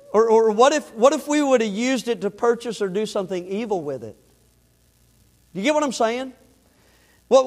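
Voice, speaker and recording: A middle-aged man preaching in church, telling a personal story in a conversational way, then building to emphatic preaching with repeated phrases. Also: very high-pitched. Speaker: pastor. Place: church sanctuary. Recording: long hall reverb.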